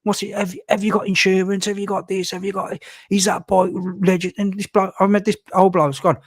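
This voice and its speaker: A man's voice: sits high, level tone, brisk, no echo, clean studio sound. A man hosting a casual podcast chat, rambling with lots of fillers and acting out what others said. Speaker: podcast host.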